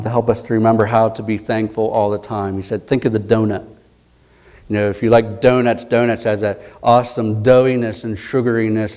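Guy preaching a sermon, mid-pitched voice, tells stories and repeats himself a lot. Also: darkish tone. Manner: storytelling with frequent repeated words and restarts. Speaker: pastor.

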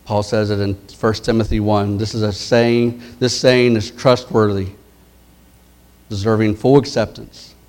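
A man preaching a sermon, retelling parables in a conversational way and dropping his voice low and soft for key words. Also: little pitch movement, measured pace. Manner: conversational storytelling, dropping to soft intense tones for quoted lines.

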